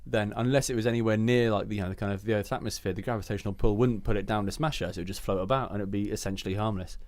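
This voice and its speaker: A man's voice: on the low side, steady tone, racing, a little mellow, no echo. A man reading out and joking about comic blurbs in a casual chat, rambling and often laughing. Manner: giggly, rambling, slips into silly accents. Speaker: podcast co-host.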